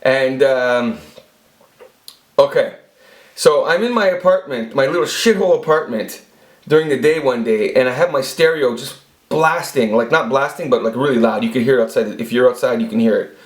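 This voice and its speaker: A man's voice: medium pitch, normal speed. A man telling a rambling, profane personal story with lots of restarts, as a channel host. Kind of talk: casual storytelling monologue. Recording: echoey room.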